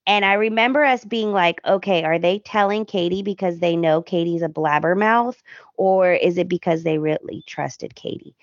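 Woman recapping a soap, lively retelling. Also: on the low side, normal speed, no echo, highs cut off. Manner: animated retelling, acts out characters' lines. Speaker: podcast co-host. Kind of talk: casual recap chat.

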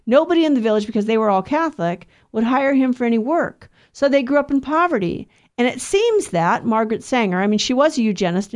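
Middle-aged woman, religious speaker, earnest conversational preaching, slightly high voice. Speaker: Catholic speaker. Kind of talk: spoken religious talk.

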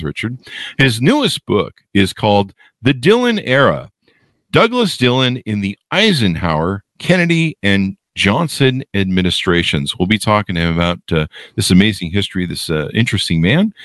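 A middle-aged male podcast host who jokes and rambles, his fairly low voice swinging up and down with animated energy. The sound is close and dry, with no room around it. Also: no room sound. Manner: jokey, rambling, self-deprecating asides. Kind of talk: casual podcast interview.

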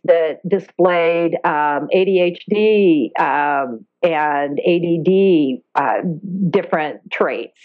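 A woman guest in a casual interview, telling stories in an animated way and acting out her own quoted remarks. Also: sits low, takes it slowly, few pauses, no echo, narrow, tinny audio. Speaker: guest, dolphin therapy program founder. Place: Maui, Hawaii.

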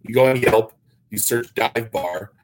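A man hosting a podcast, chatting casually and telling jokey, animated stories. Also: lowish voice, a little slow. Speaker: podcast host. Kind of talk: casual chat.

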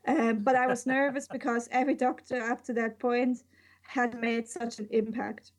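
A woman's voice: a little high, flat delivery, moderate pace. A woman co-hosting a casual podcast chat, reading a listener's email aloud with joking asides. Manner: laughs often, reads with asides. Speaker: podcast co-host.

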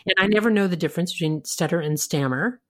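A woman's voice: on the low side, fast talker, a bit bright. Curious woman interviewer. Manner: curious, asks follow-up questions. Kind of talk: interview conversation.

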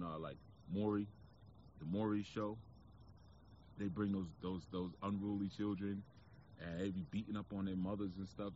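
This spiritual speaker, a New York-accented man, talks to camera outside in a conversational, reflective, preachy way, filling gaps with frequent "you know"s. His voice is on the low side, and the lo-fi recording carries a bit of hiss or hum.

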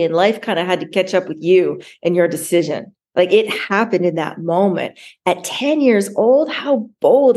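A woman's voice: on the low side, mellow. A woman hosting a podcast interview, responding to her guest in an effusive, encouraging way. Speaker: podcast host. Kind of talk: conversational interview.

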